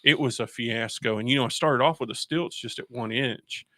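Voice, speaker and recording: A man's voice: medium pitch, normal speed, pushed and bright, no echo, clean studio sound. A man hosting a radio show in casual chat, rambling through stories with restarts and laughs. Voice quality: gravelly. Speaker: radio host.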